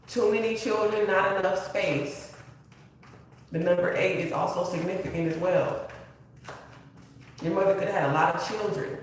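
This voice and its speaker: A tarot reader giving an earnest, emotional reading, repeating key phrases in a casual spiritual style. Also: mid-range voice. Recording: very echoey room, distant mic, faint hiss.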